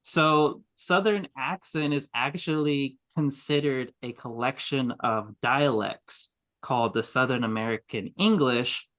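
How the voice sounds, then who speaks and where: A man's voice: mid-range voice, unhurried, hardly any pauses, fairly bright tone. A man co-hosting a podcast, explaining casually with many fillers and restarts. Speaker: podcast co-host. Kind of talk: casual chat.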